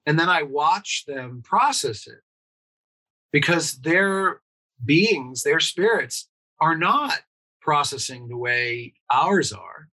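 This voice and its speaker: Man, pediatrician guest, earnest explainer, rhetorical questions, bright forceful tone. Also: fairly high pitch, lively intonation, slow pace, rough recording. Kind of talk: conversational interview explanation.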